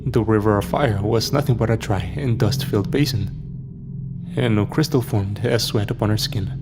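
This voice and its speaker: A man narrating a scripted horror story in a dramatic, measured way. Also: lowish voice, gravelly. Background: soft background music.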